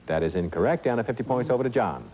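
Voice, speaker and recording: A man's voice: medium pitch, animated, racing, warm tone, in a large hall, slight background noise, rough recording. A middle-aged man hosting a TV quiz show, reading questions and chatting in asides full of fillers, in a studio. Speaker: game show host.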